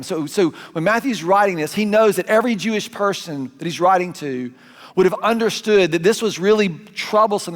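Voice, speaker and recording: A man with a Southern US accent preaching a sermon as a pastor, conversational and animated, correcting himself as he goes. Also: sits high. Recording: long hall reverb.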